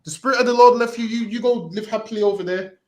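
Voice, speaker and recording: A man street preaching forcefully, repeating himself and ending phrases with "man". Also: sits high, steady tone, quick pace, roomy sound.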